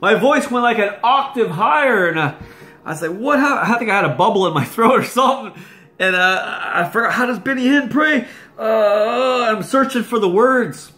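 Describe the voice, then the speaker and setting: A man preaching a sermon, telling a personal testimony in an animated way and laughing often. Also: high voice, fairly quick.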